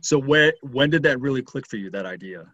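A man's voice: mid-range voice, animated, fairly quick, pushed and bright, dry recording, muffled recording. A male host reflecting aloud in a casual interview, often searching for words.

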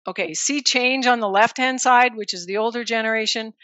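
A woman in her sixties, a farm family coach, giving a lively live presentation, calling on listeners by name and dropping in French words. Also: a little high, a little fast, dry recording, dull audio. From Manitoba, Canada.

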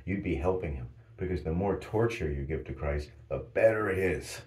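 A man ranting in a heated, sarcastic and profane way that builds to shouting, with a roomy echo. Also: sits low, lively intonation, normal speed. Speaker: vlogger. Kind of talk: profane rant.

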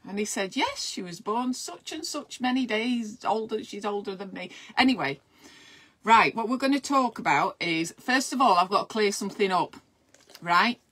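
A woman's voice: medium pitch, expressive, normal speed, a bit bright, slightly rough. A middle-aged woman, chatting casually and rambling on a live stream as a midwife host, encouraging her viewers.

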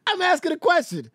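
Stream host, incredulous mocking rant, very animated delivery, dry close mic. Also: very high-pitched, dry recording. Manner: mocking, laughing often, incredulous. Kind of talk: ranting reaction-stream commentary.

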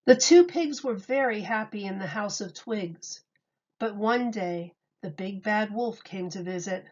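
Woman teacher, slow calm storytime voice, clear and gentle, walks kids thru stuff step by step. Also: medium pitch, highs cut off. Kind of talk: reading a children's story and demonstrating a craft.

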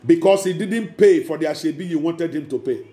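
A man's voice: on the high side, brisk, mellow, echoey room, faint music behind. A man, preaching a sermon as pastor, emphatic and repetitive, speaking straight to the congregation.

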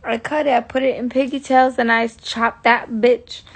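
A woman's voice: a little high, flat delivery, moderate pace. A woman chatting loosely on a phone live stream, rambling and swearing freely. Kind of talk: casual live stream chat.

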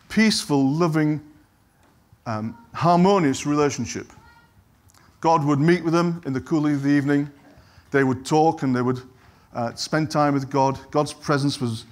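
A middle-aged man preaching a sermon in an easy, conversational way, wandering into asides and apologizing for them. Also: a little high. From England. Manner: conversational, digresses and apologizes, acts out quoted lines.

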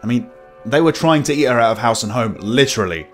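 A man's voice: mid-range voice, expressive, quick pace, soft background music. A man giving casual, wry commentary while playing a game. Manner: wry, jokey asides. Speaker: let's-play gamer.

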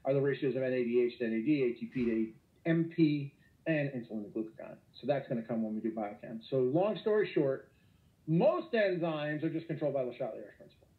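A man teaching an online lecture, energetic and joking, with sudden exclamations. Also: mid-range voice, quick pace. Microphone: computer mic. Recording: echoey, tinny phone-like online call.

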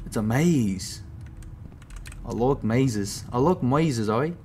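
A man hosting a horror game let's play, reacting with casual slang, swearing and yelling at the scares. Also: mid-range voice, lively intonation, slow, pauses often, a little hiss or hum. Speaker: gaming channel host.

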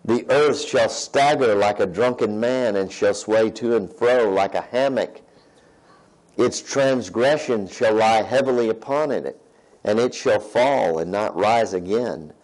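Speaking slowly in a fairly low, somewhat mellow voice, a male pastor delivers a sermon over poor audio. He keeps things conversational, reading passages of scripture and asking his congregation "right?" to check in.

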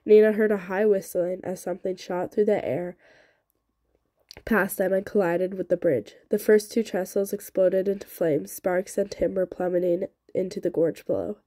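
A woman reading a novel aloud with steady, expressive narration. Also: medium pitch, normal speed, dry recording. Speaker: audiobook reader.

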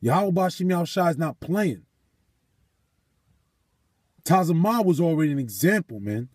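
A man's voice: fairly high pitch, lively intonation, normal speed, darkish tone, no room sound. A man telling a story in a casual vlog and turning it into a sermon, cursing often and repeating phrases for emphasis. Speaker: vlogger.

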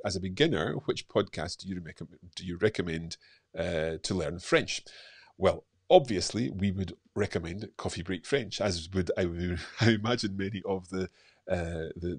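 A middle-aged man hosting a live stream, talking in a relaxed, chatty way with lots of fillers while he reads out viewers' comments. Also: low voice, slightly rough, no echo, studio quality. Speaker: host.

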